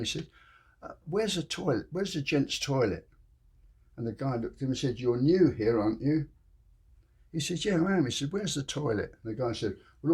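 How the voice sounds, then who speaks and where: A man's voice: mid-range voice, breathy edge. Older man telling jokes. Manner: storytelling jokes, chuckling. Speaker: joke teller, channel host.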